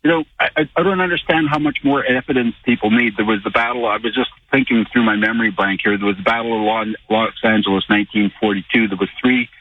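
A man's voice: lowish voice, breathy edge, dry recording, recorded from a distance. Rambling male caller on a tinny phone line. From Canada. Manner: rambling, halting storytelling. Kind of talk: phone-in call.

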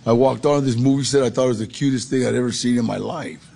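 A middle-aged man with a gravelly voice telling his life story in a street-casual, gritty way. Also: mid-range voice, steady tone, fast, mellow, a little hiss or hum. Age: 40s or older. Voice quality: gravelly, husky. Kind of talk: storytelling testimony.

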